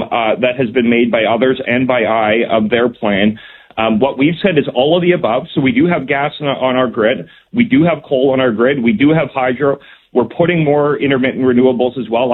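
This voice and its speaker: A man, a provincial minister, defending policy in a radio interview, measured and full of ums. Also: medium pitch, slight background noise. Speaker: provincial cabinet minister, guest. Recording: tinny phone line.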